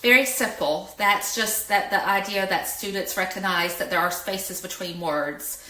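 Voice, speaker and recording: A middle-aged woman explaining reading skills in a lesson, slow and clear, and she stresses each example word. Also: mid-range voice, sharp tone. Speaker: educator. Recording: echoey room.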